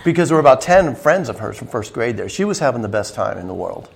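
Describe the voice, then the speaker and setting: Musician guest, male, a gravelly voice, casual animated storyteller. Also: fast talker. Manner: animated storyteller, raises pitch to imitate others. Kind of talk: casual chat.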